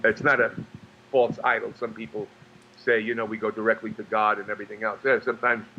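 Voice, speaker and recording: A man from New York, a guest actor and singer, telling stories in a halting way with many restarts and fillers. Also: on the low side, flat delivery, dull audio, noisy background. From New York, USA. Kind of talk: casual storytelling interview.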